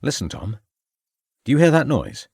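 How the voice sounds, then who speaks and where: A man's voice: mid-range voice, very animated, moderate pace, creaky, darkish tone, breathy edge, dry recording, studio quality, voice pushed up, heavily acted. A man voicing a determined Victorian police inspector who questions people formally and urgently.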